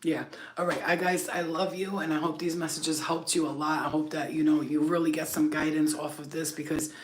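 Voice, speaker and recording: There's a little hiss or hum under a low, flat female voice that moves briskly. The speaker, an Albanian-background woman hosting a spiritual healing channel, rants to camera unscripted, blunt and profane, wandering with lots of fillers.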